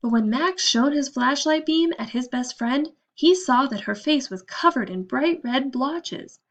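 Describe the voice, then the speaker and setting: A woman reading a children's storybook aloud with steady, expressive narration. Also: high voice, measured pace, muffled recording. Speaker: audiobook narrator.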